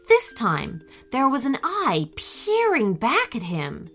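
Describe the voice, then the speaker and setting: A woman reads a children's story aloud, slow and deliberate, with a bright, clear tone. Her pitch sits a little high and moves a lot, full of lively expression, with soft music faint behind her. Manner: gentle, expressive, unhurried reading.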